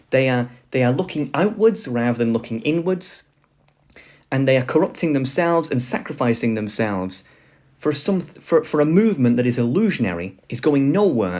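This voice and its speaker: A man's voice: medium pitch, darkish tone. A man giving a casual spoken lecture, rambling with lots of fillers and asides.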